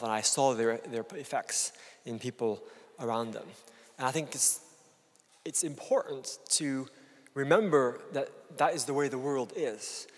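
A middle-aged man giving a public lecture to an audience, explaining in an earnest, measured way. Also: medium pitch. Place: lecture hall before an audience. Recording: long hall reverb.

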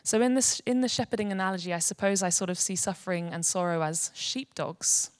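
A woman giving an earnest, gentle devotional teaching. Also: mid-range voice, fairly quick, no room sound. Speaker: Bible teacher.

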